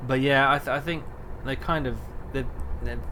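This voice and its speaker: A man's voice: medium pitch, fairly even intonation, moderate pace, bright, forceful tone, slight background noise. A man streaming a trucking game, rambling and thinking aloud with lots of fillers. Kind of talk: casual gameplay chat.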